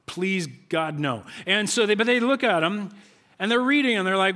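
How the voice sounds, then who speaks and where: Pastor guy, kinda high voice, animated sermon, keeps repeating himself and asking questions. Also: quick pace. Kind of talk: conversational sermon. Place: church.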